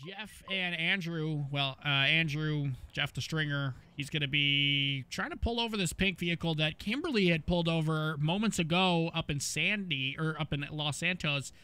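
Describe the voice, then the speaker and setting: Male stream host, slightly high voice, easygoing live commentary. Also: moderate pace, hardly any pauses, clean tone. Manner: casual, relaxed narration with fillers. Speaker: broadcast host. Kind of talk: live commentary over gameplay.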